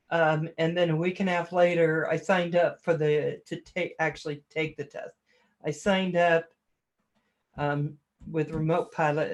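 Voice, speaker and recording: A woman hosting a relaxed livestream, loose and talkative. She pokes fun at herself and laughs often. She greets her viewers by name as she chats. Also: lowish voice. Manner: chatty and self-deprecating, laughs often. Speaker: livestream host reading chat. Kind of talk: casual livestream chat.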